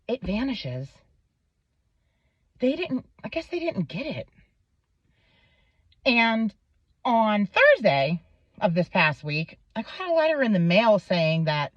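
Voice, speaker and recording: A woman vlogger telling a story in a casual, animated way, swearing a lot and laughing as she goes. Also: medium pitch, no echo, dull audio. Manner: animated, heavily profane, laughs through the story. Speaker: vlog host.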